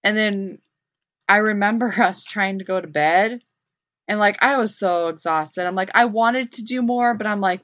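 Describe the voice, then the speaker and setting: A woman's voice: medium pitch, normal speed, fairly bright tone. A woman co-hosting a radio show, chatting casually and swearing freely as she tells a story, laughing often. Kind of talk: casual chat. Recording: dull lo-fi podcast audio.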